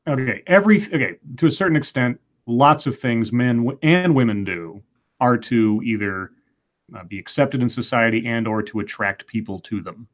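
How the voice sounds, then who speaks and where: A man's voice: medium pitch, lively intonation, normal speed. A man co-hosting a casual podcast chat, reasoning things through with hedges and restarted sentences.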